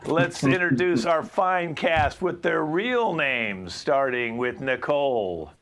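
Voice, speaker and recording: A man's voice: a little high, slow, a bit bright. A male host cheerfully wrapping up an online improv show over a video call. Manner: upbeat, casual. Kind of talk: show wrap-up. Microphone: home video call.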